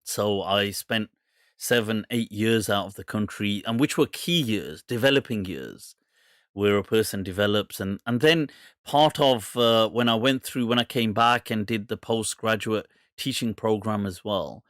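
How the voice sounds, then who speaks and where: A man's voice: on the low side, a little slow, a bit bright, no room sound, clean studio sound. A British man hosting a live question-and-answer show, chatting loosely with frequent laughter and rambling asides, with an accent that is hard to place. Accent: mixed British English, hard to place. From England. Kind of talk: casual live Q&A chat.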